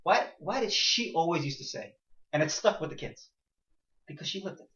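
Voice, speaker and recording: A man teaching a class, firing off rhetorical questions and swinging between quiet points and loud emphatic ones. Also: animated, normal speed, background noise. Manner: rhetorical questions, sudden rises in pitch and loudness. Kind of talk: class discussion. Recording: echoey room, dull lo-fi sound.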